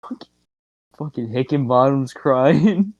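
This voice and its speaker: A man co-hosting a casual podcast, joking and swearing with deadpan asides. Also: medium pitch, unhurried, no echo, lo-fi sound. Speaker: podcast co-host. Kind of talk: casual chat.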